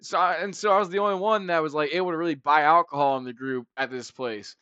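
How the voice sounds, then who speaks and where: A man with a fairly high, bright and forceful voice rambles through stories in a loose podcast chat, swearing often. The sound is dry and close but dull and lo-fi. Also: quick pace, smooth, dry recording. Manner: rambling, laughing, swears a lot. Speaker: podcast co-host. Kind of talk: casual storytelling chat.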